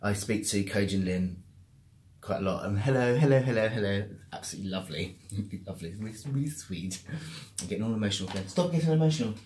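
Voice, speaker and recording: A man in his thirties with a British accent, talking casually to the camera in a video diary, chatty and quick to laugh. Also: on the low side, darkish tone. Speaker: vlogger.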